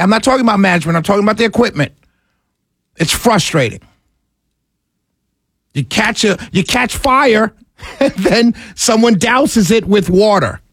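A high-pitched man hosting live talk radio, excitable and frustrated, swinging between heated rants and calming himself down. His voice sits close and dry on the mic, with no room sound around it. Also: dry recording. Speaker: radio talk show host.

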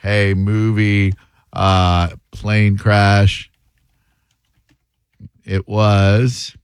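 Male radio host, casual chat, dry close studio sound, medium pitch, rambling with "uh". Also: expressive, moderate pace, no room sound. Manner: loose and rambling, trails off with "uh". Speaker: radio talk show host. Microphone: studio microphone.

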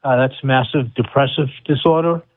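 A man's voice: mid-range voice, fairly even intonation, normal speed, husky, dry recording. A man calling in to a radio show, asking questions hesitantly with many fillers. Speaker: caller. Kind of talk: call-in question. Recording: tinny phone line.

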